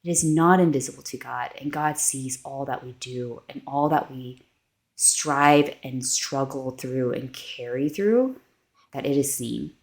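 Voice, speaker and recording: Speaking a little slowly in a bass voice, a female podcast co-host shares personal stories during a casual faith-based chat. Her delivery is earnest and heartfelt, with "like" cropping up often.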